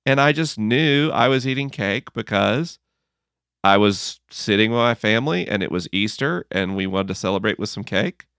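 A man being interviewed about his book, telling stories in an earnest, gently humorous way and acting out his own inner dialogue. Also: on the low side, lively intonation, normal speed, smooth, no echo, clean studio sound. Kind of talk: reflective conversational storytelling.

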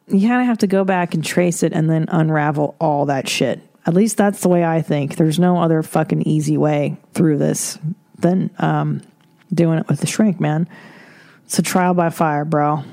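A woman's voice: low-pitched, normal speed, gravelly, mellow. A woman hosting an advice podcast, talking bluntly in a casual monologue, swearing freely and laughing between points. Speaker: podcast host giving advice.

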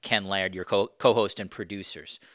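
A man interviewing a guest, asking careful, measured questions. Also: low-pitched, steady tone, bright, forceful tone, dry recording, clean studio sound.

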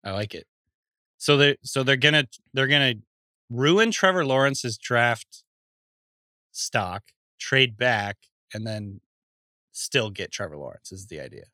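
A man's voice: mid-range voice, animated, a little slow, bright, forceful tone, no room sound, studio quality. A man co-hosting a podcast in casual chat, laughing easily and musing with hesitant restarts. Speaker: podcast co-host.

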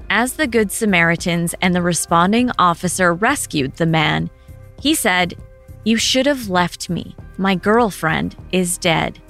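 A woman narrating a documentary in a grave, measured scripted style. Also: on the low side, a bit bright.

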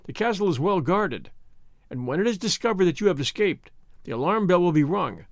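A man voicing a cautious castle jailer who speaks quietly and carefully, reading a storybook tale. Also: high voice, expressive, creaky, no echo, clean studio sound. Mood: guarded. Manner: quiet and measured.

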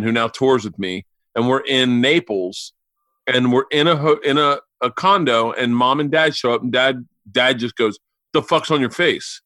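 A comedian telling rapid, profane family stories on a podcast and acting out his relatives' voices. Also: medium pitch, pushed and bright, no echo. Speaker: comedian guest. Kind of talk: animated storytelling on a podcast. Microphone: remote call mic.

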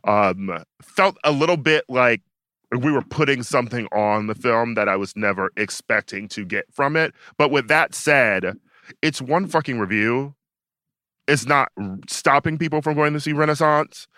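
A man's voice: medium pitch, moderate pace, sharp tone, no echo, studio quality. A man co-hosting a podcast in casual chat, opinionated and talking in long runs with many fillers and restarts. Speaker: podcast co-host.

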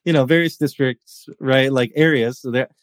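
A man's voice: mid-range voice, steady tone, moderate pace, dry recording. A man hosting a podcast, talking casually in a rambling way with many restarts. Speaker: podcast host. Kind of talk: casual chat.

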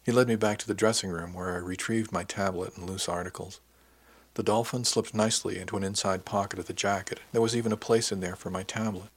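A man narrating a first-person audiobook in a measured, descriptive manner. His voice is deep and husky. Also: steady tone.

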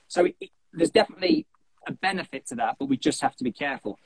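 A young man hosting a running podcast, chatting in an animated, jokey way and often cutting into his own sentences. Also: a little high, very fast, slightly rough, no echo, rough recording. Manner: animated, jokey, self-interrupting. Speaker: podcast host. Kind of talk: casual chat.

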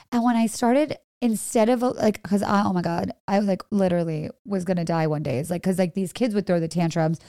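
A woman's voice: medium pitch, brisk, few pauses, dark tone, dry recording, clean studio sound. A woman talking casually and animatedly as a podcast guest, with spiritual words and casual swearing. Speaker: guest, former preschool teacher.

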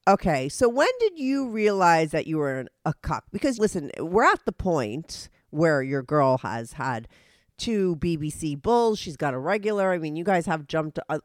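A woman's voice: low voice, dry recording, studio quality. A woman hosting a podcast, talking bluntly and casually with a nasal voice from a cold. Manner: blunt, profane, chatty. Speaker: podcast host. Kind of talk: casual frank interview.

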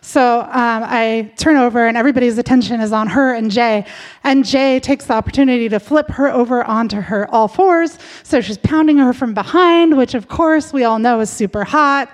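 A woman's voice: on the high side, moderate pace. A woman telling a personal story in a candid, chatty way, full of fillers.

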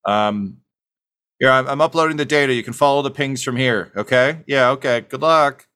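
A man voicing an eccentric, scheming mad scientist with a fast, chirpy, wheedling patter in a tabletop game. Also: medium pitch, sharp tone, smooth, pitched above the performer's own voice, close to an everyday voice.

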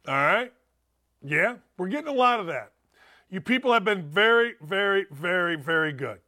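A man in his sixties hosting a sports talk show, rambling through emphatic, animated stories and opinions. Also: sits high, moderate pace. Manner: loud, rambling, emphatic storytelling.

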